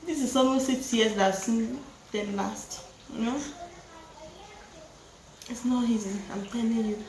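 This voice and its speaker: A woman's voice: on the high side, fairly even intonation, measured pace, pauses often, darkish tone, echoey room, a little hiss or hum. A woman with a Nigerian accent chatting casually while she cooks at home, laughing often and slipping Yoruba phrases into her English. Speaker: vlogger and mother. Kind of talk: casual chat while cooking. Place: home kitchen.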